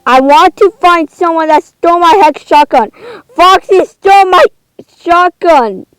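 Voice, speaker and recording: A woman's voice: very high-pitched, a little slow, dry recording, rough recording. A woman giving casual gameplay commentary, indignant and exclaiming, rambling between outbursts. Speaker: gamer.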